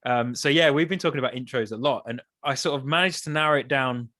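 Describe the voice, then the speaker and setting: A man, a songwriter guest on a podcast, talking in a thoughtful, hesitant way with many restarts, his voice still a bit rough from the early morning. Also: medium pitch, fast talker, bright, forceful tone. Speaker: musician guest. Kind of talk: casual interview chat.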